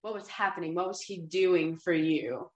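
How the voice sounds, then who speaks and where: A woman hosting a casual conversation, sympathetic and asking prompting questions. Her voice sits a little low and rings in an echoey room. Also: moderate pace, recorded from a distance, highs cut off. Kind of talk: casual chat.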